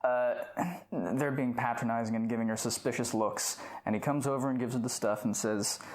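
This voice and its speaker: A woman's voice: a bass voice, fairly even intonation, normal speed, a little mellow. A woman co-hosting a casual film podcast, enthusiastic and often laughing as she retells scenes. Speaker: podcast co-host.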